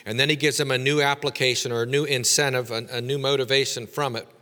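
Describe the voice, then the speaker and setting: A man's voice: medium pitch, fairly even intonation, fast, sharp tone, long reverb tail. A man teaching a lecture on scripture, explaining step by step with fillers and rhetorical questions. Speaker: Bible teacher.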